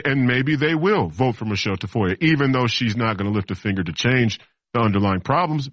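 A man's voice: mid-range voice, no echo. A man in his thirties hosting a political talk show, delivering a rambling monologue that repeats itself, with mocking asides. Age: 30s.

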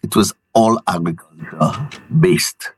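A man from Saint Lucia, a business owner, telling his story as a guest in relaxed, halting speech. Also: low voice, breathy edge, dry recording, poor audio. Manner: relaxed storytelling, many restarts. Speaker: guest entrepreneur. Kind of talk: interview answers.

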